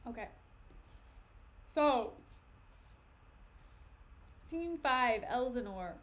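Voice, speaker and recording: A woman's voice: on the high side, animated, extremely slow, fairly bright tone. A young woman streamer reading a play aloud and breaking off to explain it in chatty asides. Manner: chatty, says "like" and "okay" often. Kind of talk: casual read-aloud with commentary.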